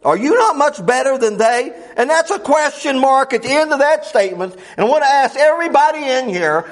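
A middle-aged man preaching a folksy sermon, quoting scripture in old wording and swinging from loud highs to low murmurs. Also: animated, brisk, hardly any pauses.

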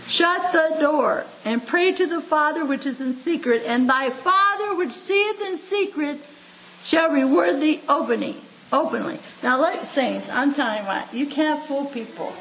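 A woman's voice: high-pitched, measured pace, fairly bright tone, slight background noise, poor audio. A woman in her seventies giving a homespun devotional sermon, chuckling often, repeating her points and speaking to listeners like family. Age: 70s. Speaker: preacher.

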